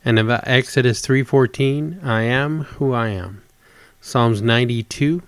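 A man preaching, reading scripture aloud in a measured, devotional way and telling short stories with acted-out voices. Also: medium pitch, clean tone, no echo. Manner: acts out voices in told stories.

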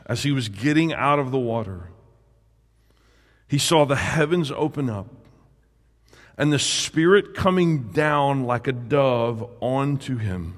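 A male pastor preaching slowly and deliberately, his voice dropping to a hush on the words he wants to land. His voice sits at a middle pitch, and a long hall reverb trails behind it. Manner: slow, drawn-out delivery that sinks to a hush on key words. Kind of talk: sermon.

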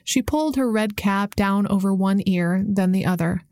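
A woman reading a story aloud as an audiobook narrator, in steady storytelling narration. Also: medium pitch, normal speed, dry recording, studio quality. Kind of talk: scripted narration.

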